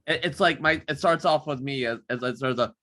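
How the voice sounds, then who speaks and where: A man, a podcast co-host, talking in a casual, halting way, full of restarts and ums. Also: medium pitch, bright, forceful tone. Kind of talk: casual chat.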